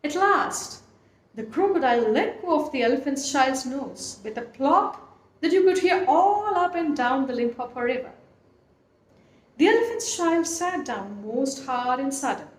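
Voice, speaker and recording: Expressive woman reading a storybook. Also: high voice, measured pace. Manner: expressive, lilting. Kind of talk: storybook read-aloud. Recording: echoey room, faint noise.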